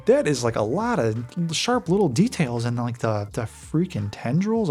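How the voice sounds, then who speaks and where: A man hosting a casual reaction video about collectible figures, chatty and excitable, with goofy exclamations and asides to viewers. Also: medium pitch, moderate pace, husky, faint music behind. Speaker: toy collector channel host.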